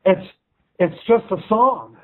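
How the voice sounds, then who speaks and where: Musician guy rambling with restarts and swears, slightly high voice, phone line quality. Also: slow. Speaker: musician guest. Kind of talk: casual interview chat.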